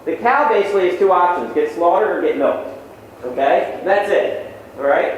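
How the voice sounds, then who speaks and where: Energetic man lecturing in an echoey hall. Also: sits high, normal speed, lo-fi sound, slight background noise. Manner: energetic, punchy, keeps asking "okay?". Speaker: motivational speaker. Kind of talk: university lecture to students. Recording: very echoey hall, distant mic.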